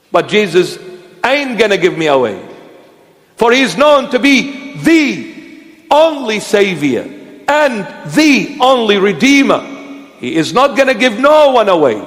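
A man's voice: very high-pitched, big-room sound. A man serving as a bishop, preaching a sermon in an emphatic, exhortative manner and repeating short commands.

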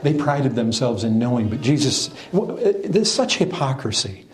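Animated preaching man in an echoey hall. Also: medium pitch, normal speed. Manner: emphatic, animated preaching with restarts and rhetorical questions. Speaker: pastor. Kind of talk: sermon.

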